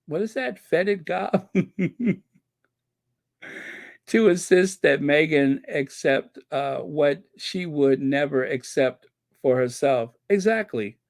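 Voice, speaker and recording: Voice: mid-range voice, lively intonation, unhurried, gravelly, darkish tone, no room sound. A channel host giving commentary on viewer comments, emphatic and repeating key points for effect.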